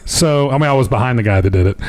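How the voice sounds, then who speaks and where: Man, podcast co-host, casual chat, reads article quotes, dry humor, mid pitch. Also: rapid-fire, dry recording. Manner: dry joking asides between read quotes.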